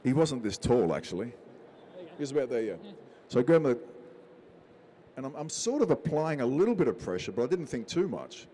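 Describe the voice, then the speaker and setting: Lively man telling an audition story. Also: mid-range voice, brisk, slight background noise. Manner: lively storyteller who acts out quotes. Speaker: interview guest, actor. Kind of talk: animated anecdote telling.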